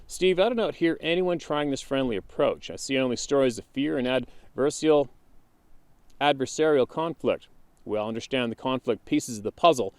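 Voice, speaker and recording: A man of medium pitch reads a viewer's email aloud, stepping steadily through numbered points. The sound is dry and close, with little room in it. When he turns to his own thoughts he slows into a hesitant, musing tone with fillers. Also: lively intonation, no echo. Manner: measured list-reading, then hesitant and musing with fillers. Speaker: channel host reading viewer emails. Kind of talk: reading an email aloud, then casual commentary.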